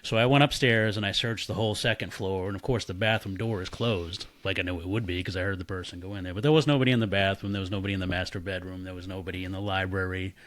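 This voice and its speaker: A man casually telling a story, animated and swearing freely while he acts out the voices of the people in it. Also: deep voice, quick pace, few pauses. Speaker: podcast guest.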